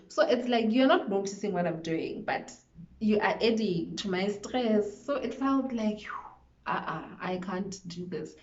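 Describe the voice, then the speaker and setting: Young woman vlogging, slow and emotional, kinda echoey and muffled. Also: mid-range voice, expressive. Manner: emotional, candid, repeats words while searching. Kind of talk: personal storytelling. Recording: echoey room, dull lo-fi sound.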